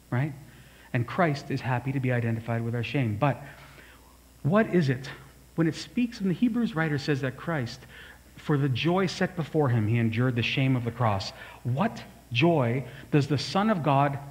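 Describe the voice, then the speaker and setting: Male pastor, mid-pitched, relaxed storytelling sermon with casual asides. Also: poor audio. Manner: storytelling, conversational, asides to the congregation.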